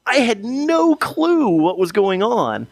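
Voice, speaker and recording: A man's voice: sits high, big pitch swings, slow pace, creaky, no echo. A young man co-hosting a podcast, telling a long story in casual chat with many restarts and fillers. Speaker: podcast co-host.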